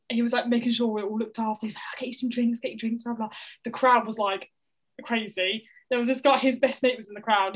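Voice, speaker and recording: A young woman from the south of England, telling a stand-up comedy story over a video call in a rapid, laughing, sweary style. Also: mid-range voice, low-quality recording. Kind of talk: casual storytelling chat.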